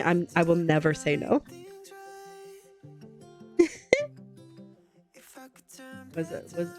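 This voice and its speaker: A woman's voice: fairly low pitch, a little mellow. A young woman hosting a live craft stream, chatting casually and rambling to her chat while she stitches, recorded at home on a desk mic. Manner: bubbly, rambling, reads and answers chat. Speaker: livestream host.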